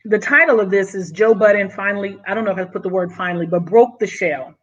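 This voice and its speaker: A woman vlogging to her channel, excited and effusive, a little out of breath, often calling the listener honey. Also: medium pitch, fast talker, dull audio. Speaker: YouTube vlogger. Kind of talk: casual vlog monologue.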